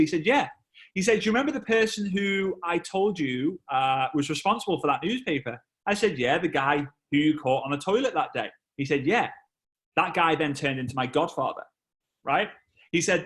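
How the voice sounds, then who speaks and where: A man, a motivational speaker telling a story on stage, animated and acting out voices and sound effects. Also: fairly high pitch.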